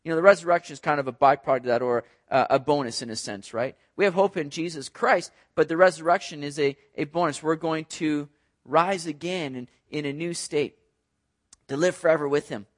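A man's voice: on the high side, a little fast. A man teaching verse by verse through a Bible passage in a conversational, explanatory manner.

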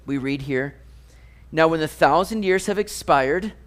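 A man preaching a sermon, reading scripture and explaining it with animated, playful asides. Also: a little slow. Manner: animated, jumps to high mock voices for jokes. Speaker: pastor.

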